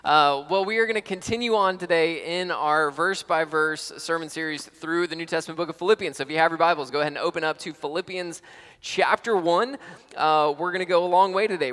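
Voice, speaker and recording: A man's voice: on the high side, a bit bright. A male pastor, preaching a sermon in a casual storytelling way.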